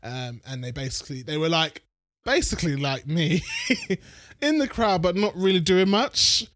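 A man's voice: fairly high pitch, lively intonation, moderate pace, fairly bright tone, no echo. A man co-hosting a casual podcast, rambling, swearing and joking at his own expense. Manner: rambling, sweary, self-mocking. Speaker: podcast co-host. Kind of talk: casual chat.

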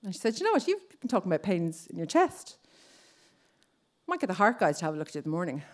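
A woman's voice: lowish voice, very animated, fast. A woman in her thirties with an Irish accent, telling a personal story on stage and acting out other people's lines. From Ireland.

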